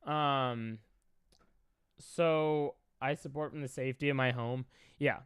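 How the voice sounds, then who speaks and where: A man's voice: medium pitch, fairly even intonation, slow pace, clear, resonant tone, no room sound, clean studio sound. A young man from Chicago, a streamer reacting to clips, talking in an emotional, rambling way with many fillers.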